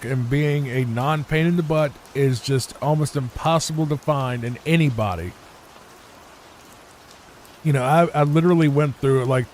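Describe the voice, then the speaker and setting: A man's voice: mid-range voice, darkish tone. Rambling man telling a long story. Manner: rambling, conversational, frequent restarts. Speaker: gaming channel host. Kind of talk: relaxed storytelling over gameplay. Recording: faint rain noise behind.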